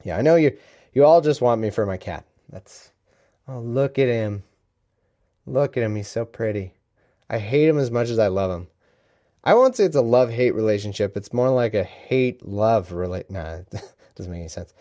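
Warm, lowish, and animated, this man's voice moves a little fast as he hosts a relaxed podcast livestream from home. He rambles, cracks jokes, and interrupts himself again and again.

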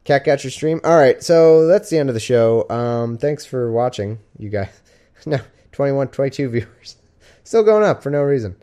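A man's voice: mid-range voice, lively intonation, normal speed, dark tone, smooth. A man hosting a podcast livestream from home, chatting casually and rambling with jokes and fillers. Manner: rambling, joking, with many fillers. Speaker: podcast host. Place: at home with his cat.

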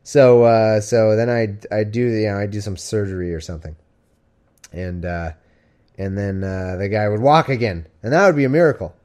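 A man's voice: fairly low pitch, moderate pace, a little mellow. A man hosting a live stream, reading scripture aloud and breaking off into wry, sarcastic, rambling asides. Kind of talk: casual scripture reading with commentary.

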